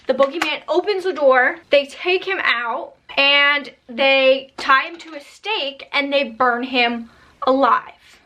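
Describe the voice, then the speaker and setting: Chatty high-voiced woman telling a scary story. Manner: chatty, animated, slangy asides. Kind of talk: casual storytime narration.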